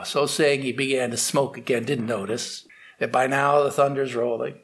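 A man telling a story aloud, unscripted, with restarts and slowed dramatic pacing. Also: medium pitch, fairly even intonation, a bit bright. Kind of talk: oral storytelling.

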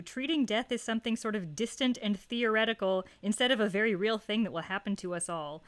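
A woman's voice: medium pitch, clean tone. A woman co-hosting a podcast, chatting about a film in a reflective, laughing way. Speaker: podcast co-host. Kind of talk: casual film discussion.

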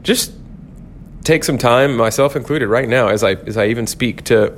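A man's voice: mid-range voice, normal speed, slight background noise. A man hosting his first devotional podcast, teaching on a psalm in an earnest, thoughtful way and often restarting his sentences. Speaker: podcast host, pastor.

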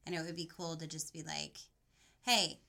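A woman's voice: sits low, little pitch movement, fast talker, gravelly, fairly bright tone, slight background noise. A woman in casual podcast chat with friends, giggly and playful.

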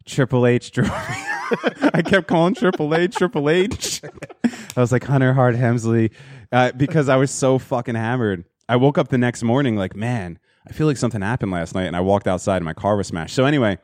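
A man's voice: medium pitch, huge pitch swings, brisk, a little mellow, no echo, studio quality. A man in a crude, casual podcast chat, rambling through profane stories and laughing at his own jokes.

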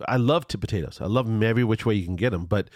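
A man's voice: lowish voice, very fast, dry recording, clean studio sound. A man chatting casually about food, rambling with restarts and savoring the details. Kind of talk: casual chat.

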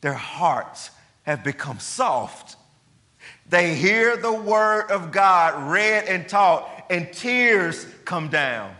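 Man, pastor, sermon, fairly high voice, chatty questions to the congregation, long hall reverb. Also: expressive, drawn-out words, pushed and bright.

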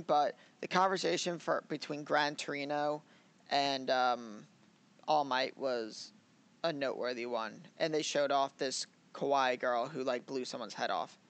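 A man's voice: fairly high pitch, a bit bright. A man co-hosting a casual anime review chat, rambling, laughing and acting out scenes as he talks. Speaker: podcast co-host.

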